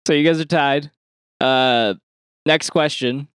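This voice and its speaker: A man's voice: fairly high pitch, slow pace, fairly bright tone, clear, resonant tone, no echo, clean studio sound. A man co-hosting a podcast, reading out quiz questions and multiple-choice answers in a casual chat, laughing often. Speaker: podcast co-host running a quiz.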